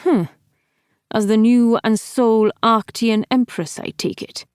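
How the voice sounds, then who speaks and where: A woman's voice: fairly high pitch, steady tone, a little slow, a little mellow, clean tone, dry recording, studio quality, lightly acted. Woman putting on a crude old male falcon. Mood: dry. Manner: crass, blunt, mocking.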